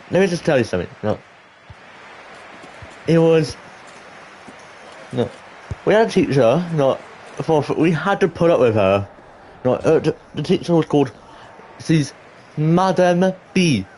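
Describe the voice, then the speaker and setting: Excitable rambling teen boy. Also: fairly high pitch, a little hiss or hum. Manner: excitable, rambling, with many restarts and exclamations. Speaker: vlogger. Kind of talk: casual storytelling to camera.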